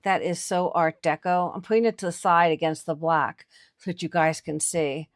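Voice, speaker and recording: A deep, steady voice at a moderate pace, captured with clean studio sound and no room noise, belongs to this antiques picker and channel host. She's chatting casually on camera at an estate sale, showing viewers her finds with plenty of enthusiasm.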